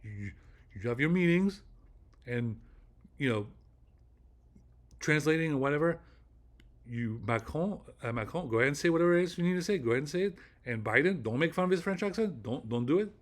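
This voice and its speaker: A man's voice: fairly high pitch, animated, fairly quick, long pauses. A man hosting a casual vlog monologue, rambling with many fillers and repeating phrases for emphasis. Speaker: channel host.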